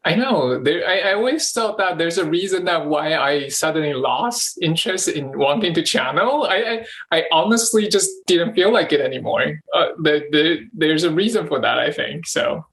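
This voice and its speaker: A man's voice: a little high, moderate pace, few pauses, fairly bright tone, poor audio. A man in casual conversation who speaks hesitantly, repeating himself with many restarts and fillers. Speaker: channeling practice partner asking questions.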